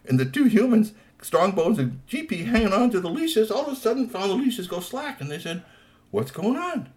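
Animated man telling a children's story. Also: high voice, brisk. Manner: animated, playful, with asides.

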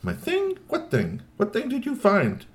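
A man's voice: medium pitch, sing-song, moderate pace, gravelly, mellow, pitched above the performer's own voice. Give me a puzzled, anxious human helper, voiced by a man storyteller. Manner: puzzled questioning.

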